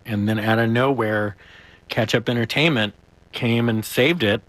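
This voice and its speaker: A man's voice: medium pitch, steady tone, measured pace, fairly bright tone, no room sound. A man being interviewed as an actor guest, talking in a chatty way with frequent chuckles and restarts.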